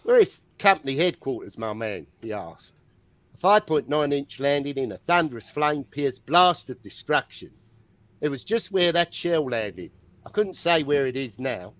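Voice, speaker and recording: A man's voice: mid-range voice, very animated, moderate pace, fairly bright tone. A man doing a mock Australian accent, voicing a cheeky male soldier from the First World War. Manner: put-on accent, reading a diary quote.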